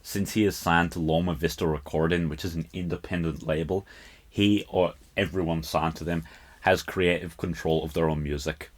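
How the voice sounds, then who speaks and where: Deep-voiced Scottish man breaking down a song. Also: fairly even intonation, moderate pace. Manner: chatty, breaks off laughing at his own accent. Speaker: podcast host. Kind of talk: casual podcast song breakdown.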